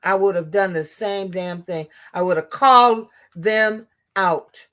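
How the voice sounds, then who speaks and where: A woman's voice: medium pitch, a little slow, fairly bright tone. A woman giving impassioned political commentary, blunt and profane, often restarting her sentences.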